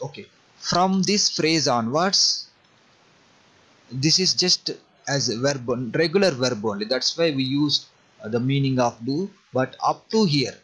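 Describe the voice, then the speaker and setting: A man's voice: mid-range voice, a bit bright, low-quality recording. A man with a Telugu accent, teaching a language class over a video call, patiently explaining step by step and asking students to try. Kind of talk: online class explaining phrases.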